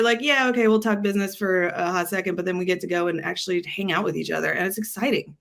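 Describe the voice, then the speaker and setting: A woman's voice: mid-range voice, fast talker, creaky, few pauses, fairly bright tone. A woman guest on an interview chat, talking with rambling enthusiasm and plenty of fillers. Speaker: agency guest.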